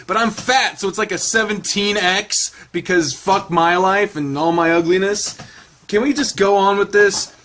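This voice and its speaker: A man's voice: high-pitched, moderate pace, fairly bright tone. A young man reading a visual novel aloud with joking, profane, self-deprecating commentary. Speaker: let's player.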